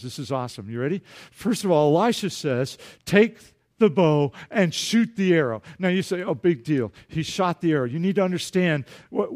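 Animated male pastor with a high voice, preaching a lively sermon. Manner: animated, acts out dialogue, jokes with congregation.

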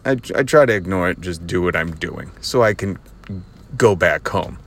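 A man's voice: low voice, expressive, moderate pace, fairly bright tone. A man hosting his own podcast, telling a casual story with a lot of sarcasm and frequent laughter, recorded while driving. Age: adult with children. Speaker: podcast host. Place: driving in a car.

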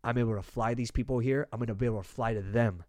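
This is a young man hosting his own podcast. He talks in a casual, profane way and gets animated when he tells a story. His voice sits in a middle range and is recorded dry and close. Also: mid-range voice, fast, no echo. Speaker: podcast host. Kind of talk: casual chat.

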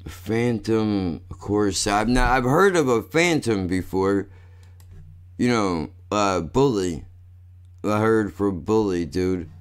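A man with a somewhat low voice rants off the cuff, profane and rambling. He tacks "dude" and "bro" onto nearly every thought in a loose, casual commentary. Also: animated, takes it slowly, clean tone.

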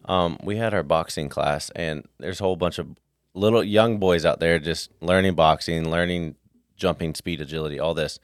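A man's voice: low-pitched, moderate pace, dry recording, clean studio sound. A man co-hosting a podcast, chatting casually and telling stories with acted-out dialogue. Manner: animated storyteller acting out dialogue. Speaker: podcast co-host. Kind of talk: casual chat, storytelling.

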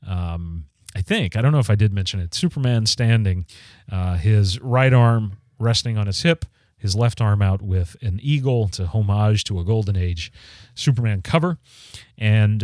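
A man's voice: lowish voice, a little mellow, dry recording, studio quality. A man hosting a podcast, recapping a comic story in a casual, conversational way with frequent ums and restarts. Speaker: podcast host reviewing comics. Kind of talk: casual spoken review.

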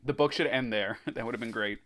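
Reading a children's horror story aloud on his podcast, this man talks a little fast in a mid-range, somewhat bright voice. He interrupts the tale with laughter and profane side comments.

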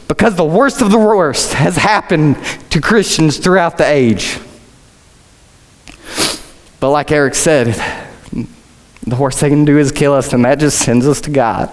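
Earnest young-sounding preacher, reverberant hall. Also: male voice, on the high side, measured pace, pauses often. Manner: earnest, with casual joking asides. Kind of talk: sermon.

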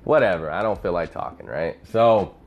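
A man's voice: low-pitched, normal speed, dull audio. A man hosting a podcast, telling profane stories in a rambling, casual monologue. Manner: profane, rambling storyteller, acts out voices. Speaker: podcast host.

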